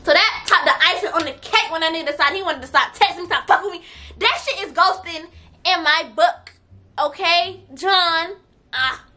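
A young adult woman telling a story on her vlog, blunt, profane and animated, her voice swinging louder at times. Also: extremely high pitch, moderate pace. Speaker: vlogger.

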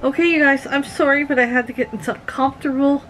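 A woman's voice: sits high, fairly even intonation, fast talker, fairly bright tone, a little hiss or hum, poor audio. A middle-aged woman from Canada hosting a casual vlog, giggling often and talking to her viewers like friends. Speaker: vlog host.

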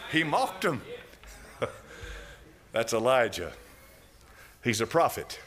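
A man preaching a sermon as pastor, fiery and dramatic, swinging between loud cries and low asides, with chuckles along the way. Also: animated, takes it slowly, long pauses.

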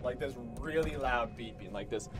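A man streaming a video game live, swearing and shouting at the enemies as he plays. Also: mid-range voice, moderate pace. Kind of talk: live gameplay commentary. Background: game music.

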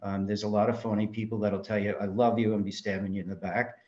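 A man from New York, a filmmaker, telling lively anecdotes in an interview and acting out the voices he quotes. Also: lowish voice, quick pace. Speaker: guest filmmaker. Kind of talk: storytelling interview answers. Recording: dull lo-fi audio.

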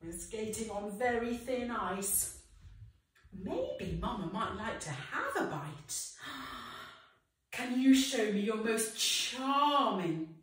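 A woman leading a children's singing session, explaining in a lively way between sung lines. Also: medium pitch, recorded from a distance. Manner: expressive, alternating spoken instructions with sung lines. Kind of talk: leading a children's sing-along. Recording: echoey room, voice slightly off-mic.

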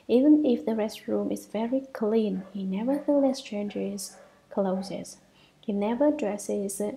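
A woman reads Buddhist scripture commentary aloud at a measured pace. Her voice is gravelly and mellow, with a dark, warm tone. She often drops into a soft half-whisper and sometimes restarts a phrase. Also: medium pitch, poor audio. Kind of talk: read-aloud sutra commentary.

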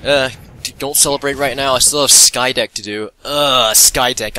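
A let's play commentator narrates his gameplay live, talking to himself and cheerfully mocking his own blunders with excitable energy. His voice is mid-range and moves at a normal speed. Faint music sits behind a low-quality recording.

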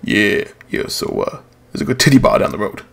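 A man's voice: fairly low pitch, huge pitch swings, brisk, gravelly, a bit bright, a little hiss or hum. An English man doing jokey let's play commentary over a video game, swearing and laughing at himself. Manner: jokey, swearing, self-mocking. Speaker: gaming YouTuber.

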